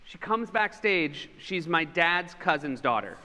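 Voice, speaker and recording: A man's voice: fairly high pitch, measured pace, big-room sound. A man, a comedian on a conference panel, telling stories in a casual onstage chat and laughing as he goes. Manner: animated, laughs through his stories. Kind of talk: casual onstage conversation, storytelling. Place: conference stage in a large hall.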